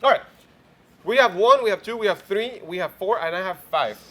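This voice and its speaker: A man's voice: high-pitched, lively intonation, fairly quick, bright, forceful tone. A man hosting a morning show in casual chat, playfully quizzing his co-host.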